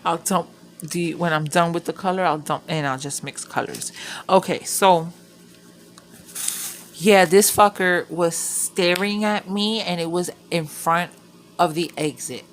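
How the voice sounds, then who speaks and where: A woman's voice: lowish voice, unhurried. A woman vlogger chatting casually while crafting, rambling and swearing freely as she tells a story.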